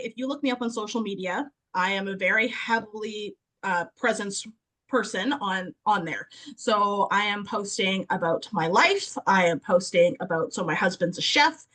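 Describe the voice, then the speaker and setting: A woman in her thirties, a guest on a podcast, telling stories in an animated way, acting out the voices she quotes and laughing often. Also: mid-range voice. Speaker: podcast guest, sales consultant. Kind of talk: casual podcast chat.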